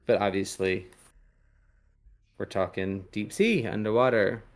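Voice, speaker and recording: Male podcast host, low-ish voice, meandering and halting, casual chat. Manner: rambling, hesitant, lots of ums. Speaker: podcast host reading tarot.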